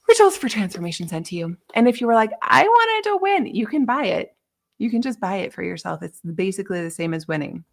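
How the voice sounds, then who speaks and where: A woman hosting a live online session, chatting casually in a gushing way with lots of filler words. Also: fairly low pitch. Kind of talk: casual live-stream chat.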